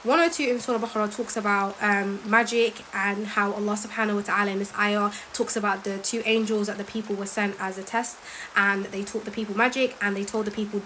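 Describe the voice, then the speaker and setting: A woman, telling a story in an animated, emphatic way and reciting verses quickly. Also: mid-range voice, slight background noise, low-quality recording. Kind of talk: casual storytelling.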